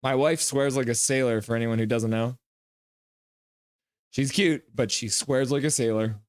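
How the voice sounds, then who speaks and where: A man hosting a live hockey watch-along stream, calling the plays casually, joking with chat and getting loud at goals. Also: mid-range voice, normal speed, smooth, no echo. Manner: excitable, jokey, shouts at goals. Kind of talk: casual play-by-play and chat reading.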